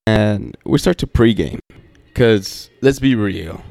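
Slow, low-voiced laid-back man. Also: vocal fry, a little mellow, no echo. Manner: laid-back, profane, lots of fillers. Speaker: podcast host. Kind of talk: casual rambling storytelling.

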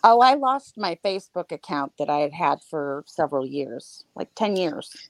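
A woman's voice: sits low, moderate pace, dry recording. Frank woman telling her own story. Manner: frank, animated, laughs between grim details. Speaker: podcast co-host. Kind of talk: candid personal storytelling.

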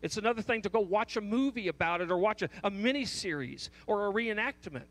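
A man with a notably high voice delivers a sermon. He leans hard on one repeated question, stressing single words and often restarting his phrases. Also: animated, a little fast. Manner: emphatic, repeats the key question, frequent restarts. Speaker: pastor.

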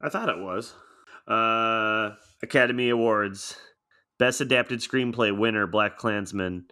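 Male co-host, lowish bright voice, plain matter-of-fact delivery. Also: measured pace. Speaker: podcast co-host. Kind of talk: casual movie discussion.

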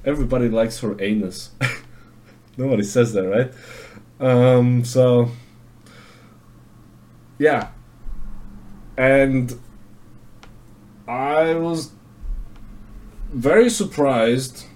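Guy ranting solo on his podcast, slow, swears a lot, um uh everywhere. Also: medium pitch, a little mellow. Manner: rambling, profane, lots of fillers. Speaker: podcast host. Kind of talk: casual monologue.

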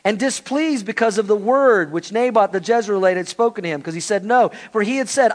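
A man preaching a sermon as pastor, in an animated, conversational manner. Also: high voice, a little fast, hardly any pauses.

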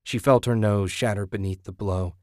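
A man narrating a violent horror story in a steady, measured audiobook reading. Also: on the low side, no echo, clean studio sound.

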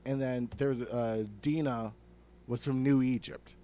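A man's voice: medium pitch, fairly even intonation, measured pace, dark tone. A man from New Jersey co-hosting a comedy podcast, swearing freely and ranting in exasperated disbelief. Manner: profane, rants with exasperated disbelief. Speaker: podcast co-host. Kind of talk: casual comedic chat.

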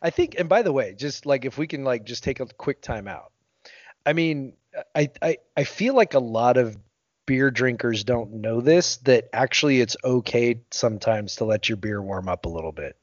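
A man of middling pitch co-hosting a podcast, talking loosely and hedging as he goes. The sound is very dry and somewhat muffled. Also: animated, normal speed, dry recording. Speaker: podcast co-host. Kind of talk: casual chat.

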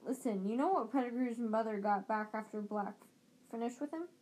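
Casting: sharp, tense teenage boy, voiced by a woman. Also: on the high side, a little fast, lightly acted. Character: blunt teenage schoolboy.

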